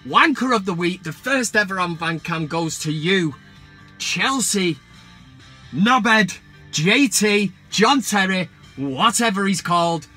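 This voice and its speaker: Ranting, sweary man, very high voice. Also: lively intonation, takes it slowly, sharp tone, slightly rough, soft background music. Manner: sweary, heated and mocking. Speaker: football vlog host. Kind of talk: profane ranting football vlog.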